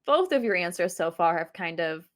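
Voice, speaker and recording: A woman's voice: lowish voice, expressive, normal speed. A woman co-host asking questions in a conversational interview, reflective and full of fillers.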